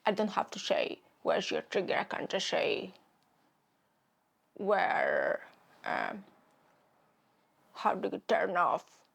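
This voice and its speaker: Woman putting on lisping Batman, hushed and hissy. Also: mid-range voice, wildly swooping pitch, takes it slowly, creaky, long pauses, heavily acted. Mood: fussing. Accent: Greek. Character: Batman practicing hiding his lisp.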